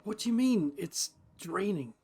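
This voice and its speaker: A man's voice: high voice, animated, unhurried, a little mellow, husky, soft background music. A man playing a tabletop game in character, skeptical and questioning. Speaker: player.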